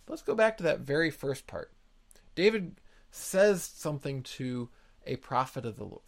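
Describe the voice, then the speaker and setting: A man's voice: medium pitch, big pitch swings, normal speed. A man preaching an expository sermon in an earnest way, repeating words for emphasis. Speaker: pastor.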